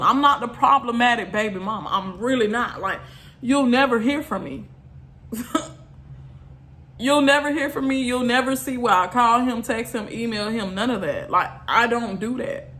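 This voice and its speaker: A woman's voice: on the high side, moderate pace, pushed and bright. Exasperated woman ranting to viewers. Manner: blunt, exasperated, repetitive. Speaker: vlogger. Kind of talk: venting rant to viewers.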